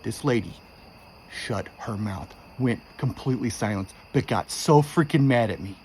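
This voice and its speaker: A man's voice: medium pitch, lively intonation, moderate pace, darkish tone, slight background noise. A man in his forties intensely retelling a frightening true story, with frequent swearing. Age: 40s. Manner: intense, profane, shaken retelling. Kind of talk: first-person true story.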